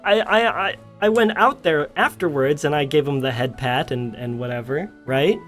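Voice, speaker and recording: A man's voice: a little high, moderate pace, a bit bright, soft background music. A streamer telling a story in casual chat, laughing often as he talks. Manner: giggly storytelling.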